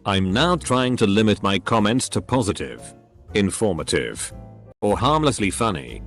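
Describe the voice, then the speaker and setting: A man's voice, likely synthetic, reading online posts aloud and speaking the punctuation marks. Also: on the low side. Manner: reads punctuation aloud, flat delivery of quotes. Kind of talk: text-to-speech reading.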